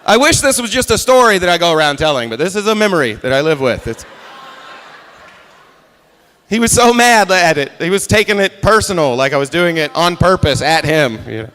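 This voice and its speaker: A man doing a stand-up set on stage, telling an animated story and acting out other people. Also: on the high side, fast, few pauses. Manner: animated storytelling, acts out drill instructor. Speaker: stand-up comedian. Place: comedy stage before a live audience.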